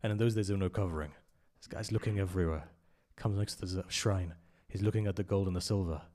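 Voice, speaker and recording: A low-pitched man delivering a sermon, his voice surging loud on key points and then falling to near-whispers. He tells a story in conversational English, full of emphatic repetition. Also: fairly even intonation, fast talker. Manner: impassioned, rising to loud emphasis and dropping to hushed asides. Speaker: speaker at a memorial majlis.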